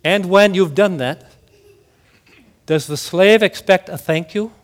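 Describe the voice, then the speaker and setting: A male pastor delivering a sermon, slow and emphatic, with dramatic drops to near-whispers. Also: high voice.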